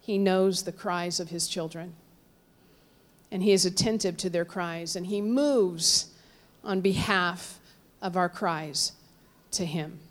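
A woman preaching a sermon, telling a story with sudden swings between raised cries and hushed, low passages. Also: slow, pauses often. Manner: storytelling, dramatic swings from loud cries to hushed near-whispers; quotes figures in raised voices, drops low and soft on God.

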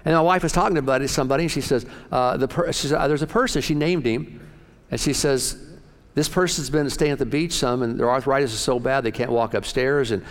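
A middle-aged man preaching a sermon as pastor, folksy and excitable, often jumping up in pitch and loudness. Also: big-room sound.

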